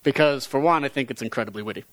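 A man reading a story aloud in a measured voice, then teaching on it earnestly. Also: mid-range voice, a bit bright, no room sound.

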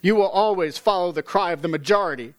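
A man's voice: sits high, fast, dry recording, pitched above the performer's own voice, close to an everyday voice. A man reading aloud voices a theatrical, self-pitying middle-aged woman singer with a raised voice. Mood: aggrieved.

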